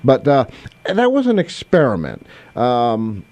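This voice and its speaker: A man's voice: medium pitch, wildly swooping pitch, measured pace, darkish tone. A man hosting a call-in radio show, talking casually with many fillers and restarts. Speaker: radio host. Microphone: studio microphone.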